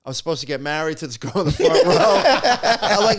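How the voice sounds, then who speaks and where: Animated middle-aged man telling stories. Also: fairly high pitch, fast, hardly any pauses. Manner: animated, acts out voices in his stories. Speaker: stand-up comic, guest. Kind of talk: casual storytelling chat.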